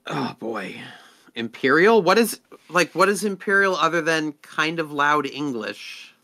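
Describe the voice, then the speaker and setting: A man with a very bright, forward voice chatting on a casual podcast. He rambles along with plenty of "like" and lets his thoughts run on. His pitch sits a touch higher than most men's. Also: measured pace. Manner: rambling, animated, trailing off with "like". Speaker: podcast co-host. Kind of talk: casual chat.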